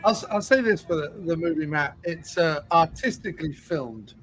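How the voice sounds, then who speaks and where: A middle-aged man trades dry wisecracks while watching a movie. His voice is a bit higher than most men's, relaxed and conversational. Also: moderate pace, soft background music. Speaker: co-host. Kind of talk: movie commentary chat.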